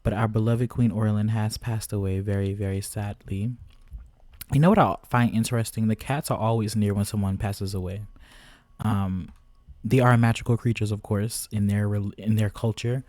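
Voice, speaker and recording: Gaming host, male, low and mellow, dry close sound, chatty with viewers. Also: steady tone, moderate pace, no echo. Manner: chatty, keeps addressing viewers as "guys". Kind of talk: casual gameplay commentary.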